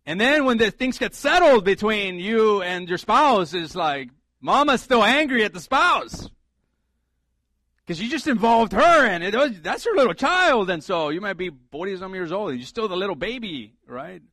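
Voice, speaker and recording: A middle-aged man delivers a sermon in a relaxed, joking manner, hammering home his points by repeating them. His voice sits a little higher than most men's. The recording is dry and close, with no room echo. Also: normal speed. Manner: conversational, humorous preaching with emphatic repetition. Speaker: pastor.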